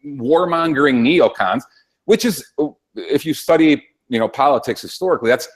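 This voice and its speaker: A man's voice: medium pitch, lively intonation, moderate pace. A man in casual political talk-show chat, rambling and sarcastic, swearing often.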